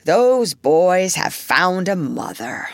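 A woman voicing a menacing male pirate captain, dramatic and gloomy, with drawn-out, booming cries. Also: very animated, vocal fry, dry recording, heavily acted. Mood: despairing.

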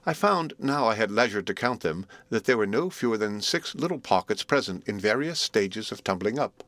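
A man narrating a classic novel as an audiobook, reading in a measured, even manner. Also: lowish voice, dry recording. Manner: measured, even reading of old literary prose. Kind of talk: scripted narration.

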